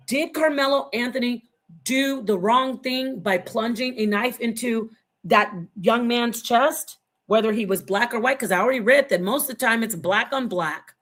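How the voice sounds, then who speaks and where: A woman in her fifties from Phoenix with a slightly high voice speaks heatedly as a forum panelist. She is emphatic and combative and curses freely. Her speech rambles, with phrases repeated and restarted. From Phoenix, Arizona, USA. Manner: emphatic and confrontational, swears freely. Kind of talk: heated opinion talk.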